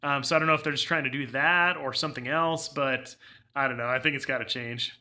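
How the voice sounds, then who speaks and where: A young man streaming gameplay live with a very bright, sharp voice at a middling pitch. He rambles, restarts his sentences and laughs often as he reads chat. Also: steady tone, a little fast. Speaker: game streamer. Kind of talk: casual live gameplay commentary.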